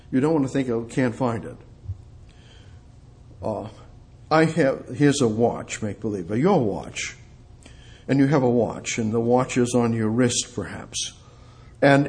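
A man preaching a sermon who repeats his words and swings from quiet asides to loud, impassioned peaks. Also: medium pitch.

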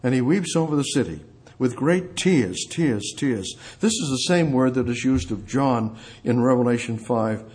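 A man preaching a sermon who repeats his words and swings from quiet asides to loud, impassioned peaks. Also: medium pitch, expressive, moderate pace.

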